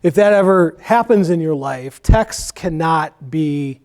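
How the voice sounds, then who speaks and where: A man's voice: on the high side, lively intonation, slow pace, a little mellow. Give me a man firefighter answering questions in a loose, rambling way. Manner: candid, rambling, with many fillers. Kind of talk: conversational Q&A in church.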